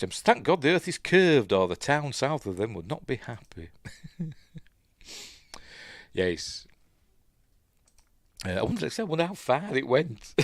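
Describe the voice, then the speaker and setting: A man's voice: mid-range voice, a bit bright, no room sound, clean studio sound. A man with a Yorkshire accent hosts a podcast and recaps a film in casual chat, rambling and self-deprecating, with lots of fillers and asides. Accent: Yorkshire English. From Yorkshire, England. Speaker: podcast host reviewing films. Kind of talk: casual movie recap and commentary.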